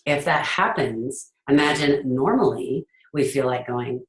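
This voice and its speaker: A woman's voice: extremely low pitch, animated, measured pace. A middle-aged woman host talking casually and earnestly about leadership, sometimes acting out what parents say. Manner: earnest, acts out parents' voices. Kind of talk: casual talk to an audience. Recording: echoey room.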